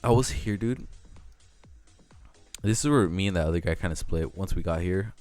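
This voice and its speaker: A man's voice: deep voice, normal speed, darkish tone, soft background music. A young man with a Mexican American accent, rambling casually in a vlog, interrupting himself and swearing now and then. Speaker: vlogger.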